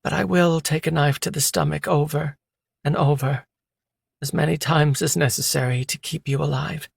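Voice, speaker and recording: A fragile young woman from an audiobook, hurt and short of strength, pleading her loyalty in a soft, lifted tone, as a man acts her out. Her delivery is earnest and tender, and it sits in a very close, dry recording. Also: a little high, steady tone, normal speed, gravelly, slightly rough, dry recording, voice pushed up, heavily acted. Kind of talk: audiobook character voice.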